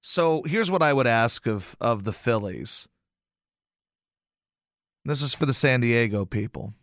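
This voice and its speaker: A man's voice: mid-range voice, animated, unhurried, a bit bright, no room sound, clean studio sound. A man hosting a casual sports talk show, sarcastic and mocking, tossing off joke rhymes. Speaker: podcast host.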